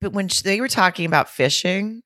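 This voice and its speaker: A woman's voice: mid-range voice, animated, a little fast, fairly bright tone, no room sound, studio quality. A woman co-hosting a podcast, chatting and laughing casually while recapping a reality TV show. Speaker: podcast co-host.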